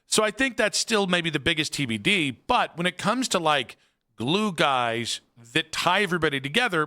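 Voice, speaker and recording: Bright, forceful sports radio man. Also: a little high. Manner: rambling, filler-heavy, opinionated. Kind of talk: casual sports talk. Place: radio studio.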